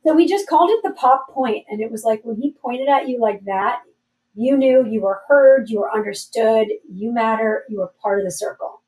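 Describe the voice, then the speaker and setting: A woman in her forties speaks as a podcast guest, her voice warm and mellow and pitched a little high. She tells her story candidly, earnest and easily moved, with a streak of self-deprecating humor. She sits slightly back from the microphone, so the sound is a touch distant. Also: moderate pace. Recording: voice a bit distant from mic.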